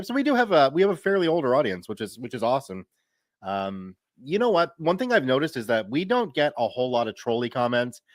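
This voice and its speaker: This thirties-aged streamer and story reader has a mid-range voice as he reads viewer comments out loud on his live stream, laughing readily in a relaxed, chatty way. The audio is studio quality, free of echo.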